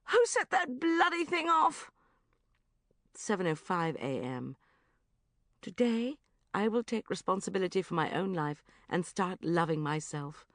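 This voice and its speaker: A woman narrating a first-person comic diary audiobook in a lively, self-mocking, exclamatory way. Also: mid-range voice, unhurried, no echo, studio quality.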